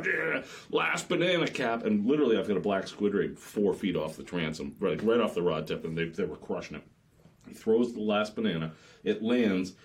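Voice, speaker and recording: A charter captain with a New England accent talks in a low voice, spinning fishing stories in a relaxed podcast chat. He tells them with lively animation. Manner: animated storyteller, acts out customers' lines.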